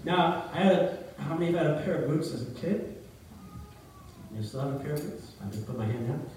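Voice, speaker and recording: A man's voice: a little high, lively intonation, fairly quick, darkish tone, slight background noise. A middle-aged man, a pastor, preaching a sermon and telling a story, often asking his congregation questions. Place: church hall. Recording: very echoey hall, heard from a distance.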